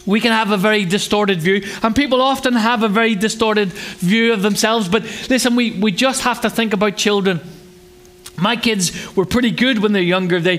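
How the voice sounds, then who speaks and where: A pastor delivers a friendly, conversational sermon with a notably high voice. He jokes, asks the congregation questions, and slips into childlike voices for little acted scenes. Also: a bit bright. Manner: acts out children's voices in a higher pitch.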